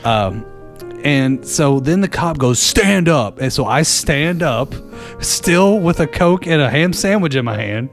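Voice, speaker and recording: A man's voice: fairly high pitch, measured pace, soft background music. A man calling in to a show, telling a story casually, laughing often and acting out the lines of the people in it. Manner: animated, laughs often, acts out others' lines. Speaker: caller. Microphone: phone call-in.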